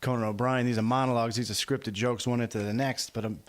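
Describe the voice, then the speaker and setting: A man's voice: mid-range voice, steady tone, quick pace. Easygoing male podcast host. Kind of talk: casual chat.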